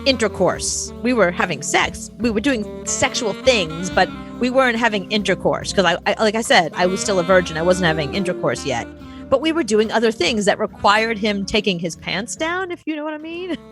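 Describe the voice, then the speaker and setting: A woman's voice: medium pitch, expressive, normal speed, music in the background. A woman co-hosting a casual talk show, telling candid personal stories and laughing often. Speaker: co-host. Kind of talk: casual chat.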